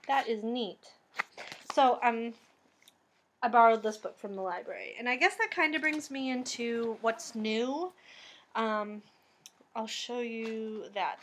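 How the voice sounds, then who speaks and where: A woman's voice: on the high side, fairly bright tone, a little hiss or hum. Chatty woman with a Boston accent. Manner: chatty, rambling, many "um"s. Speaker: crafting vlogger. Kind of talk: casual crafting vlog chat.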